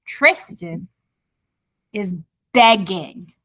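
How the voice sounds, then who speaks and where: Podcast co-host, woman, bright and lively, recaps the plot with acted-out quotes; close, dry mic. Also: medium pitch, extremely slow, dry recording. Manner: animated retelling, acting out characters' lines. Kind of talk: casual book club chat.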